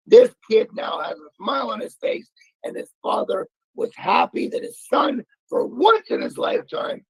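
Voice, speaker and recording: A middle-aged male talk show host telling a personal story with stammers and sudden shouted emphasis. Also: sits high, vocal fry, slightly rough, dry recording, rough recording.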